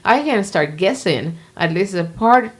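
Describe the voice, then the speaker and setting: A woman from Venezuela, a Spanish professor whose first language is Spanish, speaking with a Venezuelan accent as a podcast guest and talking in an animated, expressive way. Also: mid-range voice, a little slow. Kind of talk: podcast conversation.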